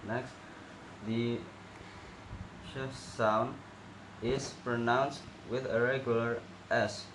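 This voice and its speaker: A young male student slowly reading out a pronunciation assessment and demonstrating sounds. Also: mid-range voice, little pitch movement. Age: young adult. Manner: slow, careful, demonstrating sounds. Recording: echoey room with noticeable background noise.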